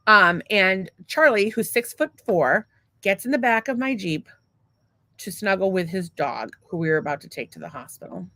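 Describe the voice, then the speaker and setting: A woman's voice: mid-range voice, expressive, normal speed, pushed and bright, no echo. A woman co-hosting a podcast, telling a long story in a casual, rambling, profane and self-mocking way. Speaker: podcast co-host.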